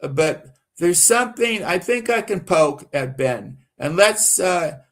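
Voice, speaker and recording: Slow-talking indignant male streamer. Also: high voice, animated, creaky, fairly bright tone. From American South. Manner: rambling, repetitive, gets worked up and indignant. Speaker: streamer doing commentary. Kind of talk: casual live-stream commentary.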